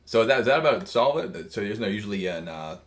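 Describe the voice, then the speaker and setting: A man's voice: on the low side, expressive, fast talker, a bit bright. A man co-hosting a podcast, telling a rambling, profane, joking story in casual chat. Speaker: podcast co-host. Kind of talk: casual crude comedic chat.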